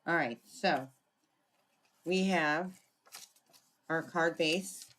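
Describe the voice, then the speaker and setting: At her desk, a papercraft demonstrator talks through a tutorial in a low, slightly bright voice, musing aloud as she goes and clearing her throat frequently. Soft clicks from her tools sound behind her, along with a little hiss or hum.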